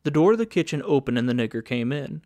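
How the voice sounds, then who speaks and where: A man reading a story aloud as audiobook narrator, in plain, even storytelling. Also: mid-range voice, fast. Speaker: audiobook reader. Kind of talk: scripted narration.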